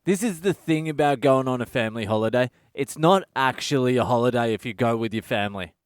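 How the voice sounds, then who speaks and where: A blunt Australian man, host of his own comedy podcast, who tells stories as a sweary, exasperated rant. His voice is smooth and resonant at an ordinary pitch. The sound is dry and close, with no room around it. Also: lively intonation, brisk, dry recording. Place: budget hotel room.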